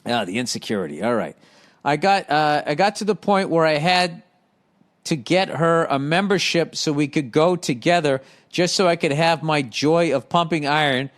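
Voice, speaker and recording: A man with a slightly high voice, speaking at normal speed, hosts a podcast where he reads out listener emails. His casual rant is blunt and profane, and he swears and laughs often.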